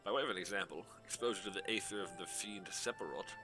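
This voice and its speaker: A man voicing a small machine that reads a report aloud in a flat, measured way. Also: sits low, distant mic, music in the background, close to an everyday voice. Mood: reciting.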